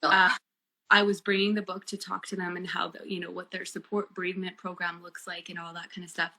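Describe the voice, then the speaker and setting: Bright-voiced woman telling her story. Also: lowish voice, brisk. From Canada. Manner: earnest, animated, many fillers. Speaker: guest, bereaved mother and author. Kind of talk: casual storytelling chat.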